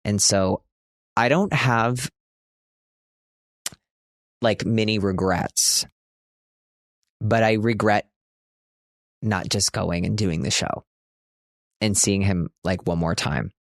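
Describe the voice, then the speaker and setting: A man in his thirties hosts a solo podcast, his voice sitting a bit low. He talks in an earnest, chatty way, full of "like" and little restarts. The sound is dry and close to the mic. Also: steady tone, slow pace, gravelly, pauses often, dry recording. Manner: earnest, chatty, lots of "like" fillers. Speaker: podcast host. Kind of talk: reflective solo podcast monologue.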